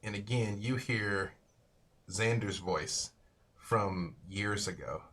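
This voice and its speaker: A man narrating a tabletop role-playing game as its dungeon master, loose and unhurried, often saying "sort of" and "like". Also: fairly low pitch, a bit bright.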